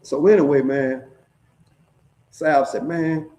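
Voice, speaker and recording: Middle-aged man, relaxed streetwise storyteller with a warm tone, recorded in a roomy space. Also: mid-range voice, moderate pace. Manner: profane, streetwise, keeps checking in with "right?". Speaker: storyteller sharing prison stories. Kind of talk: casual storytelling. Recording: echoey room.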